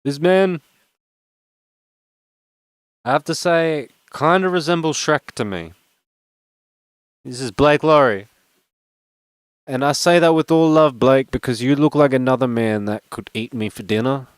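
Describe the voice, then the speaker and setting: A young man talks through a pack-opening in a loose, rambling way, making jokes at his own expense. His voice sits at an ordinary middle pitch. The sound is close and dry, with no room echo. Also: a little slow, pauses often, clear, resonant tone. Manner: rambling, joking, self-mocking. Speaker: card-opening vlogger. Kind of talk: casual unboxing chat.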